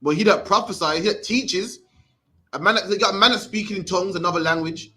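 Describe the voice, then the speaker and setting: Fast-talking Birmingham man teaching scripture. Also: high voice, sharp tone. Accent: Birmingham English. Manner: fast, streetwise, ends phrases with "man". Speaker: religious class teacher. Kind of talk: scripture breakdown class.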